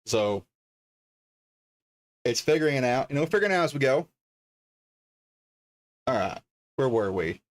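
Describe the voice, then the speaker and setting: A man talks his way through a casual livestream from his home desk. His voice sits at an ordinary middle pitch, and he rambles loosely, thinking aloud as he reads out one name after another. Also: animated, normal speed, long pauses. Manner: chatty, thinks aloud, reads card names as he goes. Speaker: livestreamer opening card packs.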